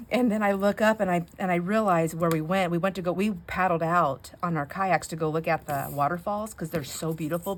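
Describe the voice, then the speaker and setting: A middle-aged woman chatting casually while she crafts, rambling through a story with frequent "anyhow"s. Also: low voice. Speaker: craft vlogger.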